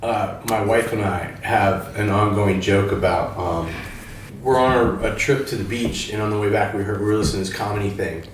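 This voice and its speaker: A man's voice: lowish voice, brisk, a little hiss or hum. A man telling rambling anecdotes in casual chat. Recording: distant mic in a very echoey room.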